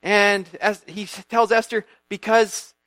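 A man giving a church youth group talk, retelling a Bible story in a lively way, acting out characters and quizzing his listeners. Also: fairly high pitch, normal speed, dry recording.

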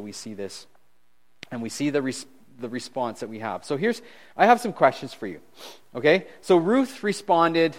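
Animated male pastor, conversational sermon. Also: medium pitch. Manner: animated, swings from loud to hushed; chuckles at his own jokes.

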